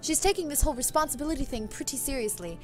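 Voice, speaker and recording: A woman reading the lines of a gentle, hopeful young heroine in a visual novel, soft and earnest. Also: high-pitched, very fast, faint music behind, voice pushed up, natural voice. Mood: polite.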